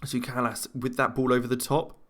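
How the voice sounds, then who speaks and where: A man casually commentating his own football management game, chatting to himself, laughing often and breaking into loud cheers. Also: mid-range voice, fairly quick. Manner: excitable, jumps to loud cheers at goals. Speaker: gaming commentator. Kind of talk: casual let's-play commentary.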